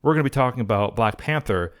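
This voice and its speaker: A man's voice: mid-range voice, expressive, fast talker. Rambling man hosting a podcast. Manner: rambling, full of "uh" fillers, playful. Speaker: podcast host. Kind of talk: casual film podcast chat.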